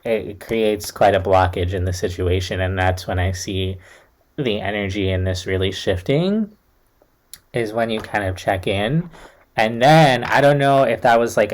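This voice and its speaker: A young man gives a casual, reassuring tarot reading to camera, speaking in a low voice with a little hiss or hum in the audio. He chats loosely, leaning on fillers like "like" and "kind of".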